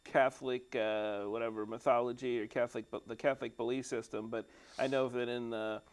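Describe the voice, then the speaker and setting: A man co-hosts a studio talk show and shares his take on a film in an easygoing way. His voice sits at an average pitch, and he laughs often as he talks. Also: little pitch movement, brisk, clear, resonant tone. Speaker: co-host of a movie discussion show. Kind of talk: casual chat about a film. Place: cable TV studio.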